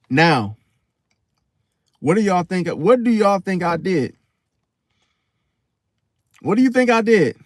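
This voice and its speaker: A man's voice: a little high, no echo, studio quality. A man casually telling a story in slangy talk and acting out the quoted lines. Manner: animated, slangy, acts out quotes. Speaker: podcast host.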